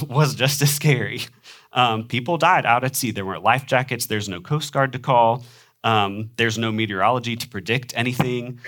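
A man's voice: medium pitch, a bit bright. Young midwestern guy preaching, kinda nasal, chatty with lots of ums and little laughs. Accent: Midwestern American. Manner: conversational, with frequent ums and small laughs. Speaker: pastor. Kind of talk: sermon.

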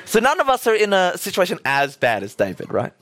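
High-voiced young male preacher. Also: wildly swooping pitch, brisk, a bit bright, dry recording, some chatter behind. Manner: casual storytelling with acted-out quotes. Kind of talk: sermon.

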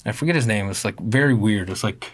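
A man's voice: lowish voice, quick pace, breathy edge. A man telling a long story in casual chat, loose and profane, and livelier when he acts out other people's lines. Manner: casual, swearing, animated when quoting others.

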